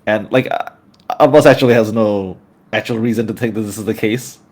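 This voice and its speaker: A man's voice: fairly low pitch, fairly even intonation, fairly quick, a little mellow. A man playing a tabletop game, speaking in character with rambling, hesitant phrasing and many fillers. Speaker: tabletop player. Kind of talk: in-character roleplay.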